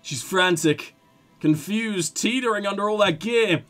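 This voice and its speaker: A man hosting a game playthrough, reading the narration aloud in an animated, expressive way. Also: high-pitched, a little slow, soft background music. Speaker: let's play host.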